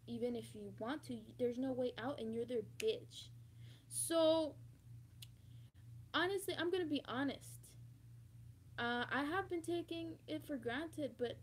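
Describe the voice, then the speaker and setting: A young woman talking to camera in a rambling confessional vlog, swearing freely and bursting into loud emphatic repetition. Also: high voice, slight background noise. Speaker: vlogger.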